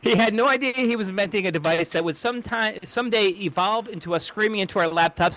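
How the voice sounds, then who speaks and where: A man's voice: high voice, quick pace, few pauses, a bit bright. A man co-hosting a casual podcast, rambling through a jokey history rundown and fumbling names. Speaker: co-host. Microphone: home mic on a video call.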